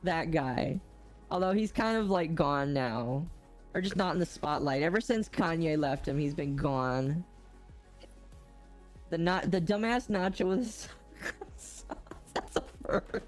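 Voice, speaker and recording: A woman's voice: deep voice, lively intonation, measured pace, faint music behind. A woman hosting a game livestream, chatty and giggly, often exclaiming as she talks. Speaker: streamer host. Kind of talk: casual livestream chat.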